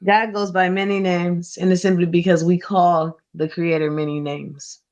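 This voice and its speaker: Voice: medium pitch, little pitch movement, moderate pace, highs cut off. A speaker making reflective remarks in a casual podcast chat.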